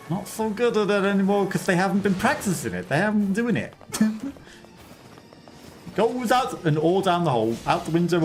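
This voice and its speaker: A man casually chatting on a game livestream, rambling and chuckling often between remarks. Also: fairly high pitch. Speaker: game streamer.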